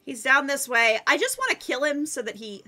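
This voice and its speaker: A woman streaming a game live, commenting excitedly to her chat and teammates. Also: high voice, fairly quick.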